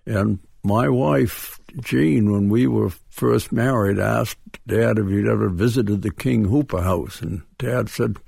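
An older man with a Boston accent recalls his past as a guest in a radio studio. His voice is gravelly and husky and sits a little low. He speaks haltingly, full of restarts and soft chuckles, and the sound is dry and close. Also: no echo. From Dedham, Massachusetts. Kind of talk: reminiscing radio interview.

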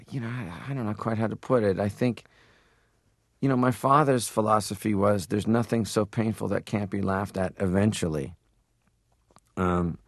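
Man, low voice, gravelly edge, animated storyteller, dry close studio sound. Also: dry recording. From Canada. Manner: animated storyteller who drops into impressions. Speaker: interview guest. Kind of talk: interview talk.

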